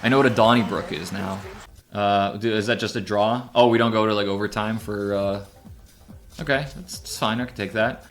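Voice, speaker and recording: Rambling, excitable male game streamer. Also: on the low side, moderate pace, faint music behind. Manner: rambling, laid-back, bursts into excited shouts. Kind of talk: casual live gameplay commentary.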